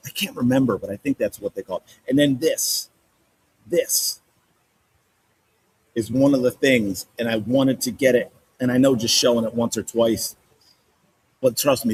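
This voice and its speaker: A man hosting a sports podcast, breaking down game film with animated, exasperated commentary and repeating points for emphasis. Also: medium pitch, slightly rough, rough recording.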